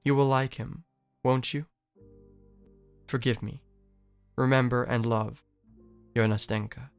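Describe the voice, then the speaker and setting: Brief: man voicing a remorseful young woman begging forgiveness, smooth and heartfelt. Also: medium pitch, fairly even intonation, slow, faint music behind. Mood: pleading. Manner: pleading, heartfelt letter reading. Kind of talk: dramatic reading of a novel.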